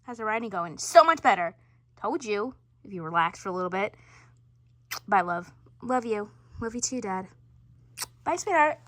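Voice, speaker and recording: A woman's voice: mid-range voice, expressive, moderate pace, pauses often, no room sound, clean studio sound. A woman telling a homemade family role-play, switching between character voices for each family member. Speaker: storyteller voicing all characters.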